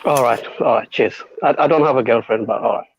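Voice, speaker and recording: A man's voice: mid-range voice, fast talker, creaky, breathy edge. A man on an online call, answering insults mildly with stammers and jokes. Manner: mild, stammering, jokingly submissive. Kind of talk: casual call-in chat.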